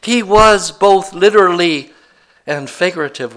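A man's voice: a little high, animated, a little slow, fairly bright tone. A man preaching a sermon, retelling a scripture story in a conversational way with wry asides.

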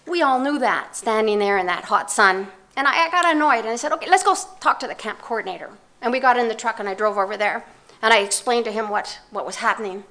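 An older woman giving a talk, telling a personal story in a measured, reflective way with pauses and restarts. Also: medium pitch, fairly bright tone.

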